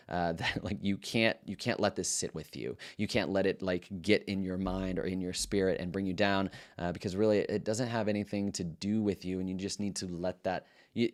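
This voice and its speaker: A male middle school teacher shares classroom stories in a relaxed, reflective way. His voice sits on the low side, and he trips over his words and restarts them as he thinks aloud. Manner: earnest and reflective, loose with many restarts. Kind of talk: casual storytelling to camera.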